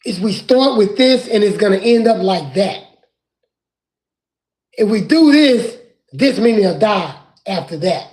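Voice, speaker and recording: A man preaching from scripture in an impassioned way, rising at times to crying shouts. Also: high-pitched, animated, unhurried, pauses often.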